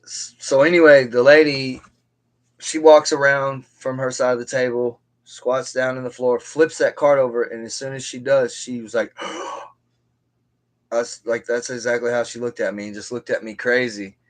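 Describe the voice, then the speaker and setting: On a live stream, a man with a mid-range voice tells a story from his own life at a normal speed and in a level tone. He rambles casually, restarting often and wandering into side remarks.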